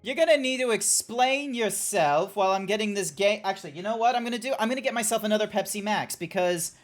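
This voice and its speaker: An Australian woman talks to her live-stream chat in loose, rambling bursts and swears freely as she reacts to what viewers type. Her voice sits in a middling pitch range for a woman. Quiet music plays faintly in the background. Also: animated, fast. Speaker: Twitch streamer.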